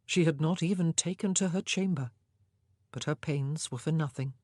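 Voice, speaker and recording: A woman narrating a historical novel in a measured, expressive storytelling voice. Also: low-pitched, no room sound, clean studio sound. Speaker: audiobook narrator.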